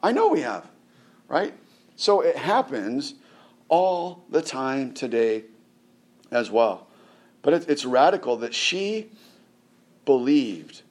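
A middle-aged man preaching a conversational sermon. He keeps checking in with the congregation, restarts and repeats words, and jumps up in pitch for emphasis. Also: very animated, takes it slowly, pauses often, darkish tone.

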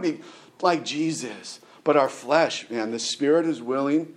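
A middle-aged man giving a conversational sermon as a pastor, often restarting his words and asking the listeners rhetorical questions. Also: fairly high pitch. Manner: halting, repeats words, asks rhetorical questions.

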